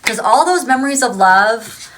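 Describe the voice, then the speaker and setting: A woman's voice: fairly high pitch, animated, normal speed, fairly bright tone, slight background noise. A woman vlogger talking casually about emotional healing, rambling with many fillers and acting out little voices. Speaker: spiritual vlogger. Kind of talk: casual spiritual advice talk.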